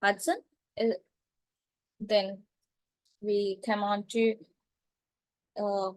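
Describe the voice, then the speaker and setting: A woman teaching literature terms, repeating each point slowly and checking with "right?" and "clear?". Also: mid-range voice, little pitch movement, no echo, rough recording. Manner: slow, repetitive, checks understanding with "right?" and "clear?". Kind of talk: classroom lecture.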